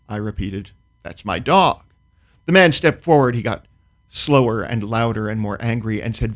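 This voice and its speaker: A man speaks at an ordinary mid-range pitch, a comedian telling a story with dry precision. His phrasing is wry and measured, and he shifts easily into relaxed chat about his work. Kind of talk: performed comic storytelling; casual talk-show chat.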